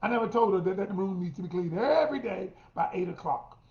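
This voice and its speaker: A man's voice: high voice, lively intonation, fast talker, darkish tone. Middle-aged guy coaching women on dating, punchy emphatic talk, echoey room, kinda muffled sound. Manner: emphatic, addresses listeners as y'all, acts out quotes. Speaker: relationship coach. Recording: roomy, dull lo-fi sound.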